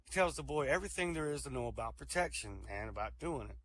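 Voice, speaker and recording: A man telling jokes at a comedy show, acting out the characters' lines with lively delivery. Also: mid-range voice, quick pace, slight background noise. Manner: animated storyteller, acts out quoted lines.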